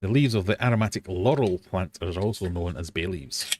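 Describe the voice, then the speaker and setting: A British man hosting a casual live quiz stream from his fish room, playful and quick to joke at himself. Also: sits low, a little mellow, slight background noise. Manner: playful, jokey, laughs at himself.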